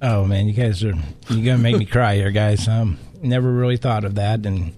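Man, radio panel guest, lower voice, faint hiss behind, humble and choked up. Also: fairly even intonation, moderate pace, dark tone.

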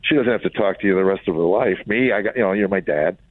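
A middle-aged comedian and author from Chicago, USA, talks fast in a deep voice as an interview guest. He tells wry, candid, reflective stories about his family and acts out their quotes, recorded with a dry phone-line sound and no room sound.

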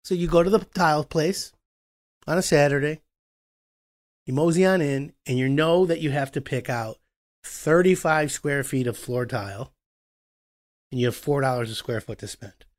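A man hosting a talk show about home renovation, explaining with animated acted-out dialogue. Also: on the high side, normal speed, long pauses. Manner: animated, acts out customer and contractor voices. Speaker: podcast host.

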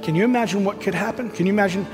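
A man's voice: high-pitched, very fast. A man, a pastor preaching a sermon in a conversational way, acting out everyday dialogue as he goes. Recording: long hall reverb with faint music.

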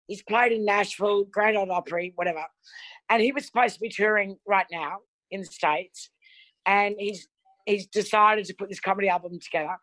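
A woman's voice: medium pitch, moderate pace, a bit bright, dry recording. A woman comedian, a guest on a podcast, talking in a chatty, self-mocking way and laughing often. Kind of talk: casual chat.

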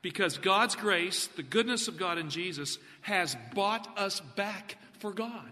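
A man preaching a sermon, animated, putting questions to the congregation. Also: sits high, a little slow, few pauses, big-room sound.

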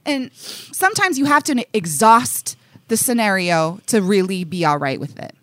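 A woman hosting a podcast, asking pointed questions and getting worked up into an animated rant. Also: mid-range voice, normal speed, no room sound. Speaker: podcast host. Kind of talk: podcast chat.

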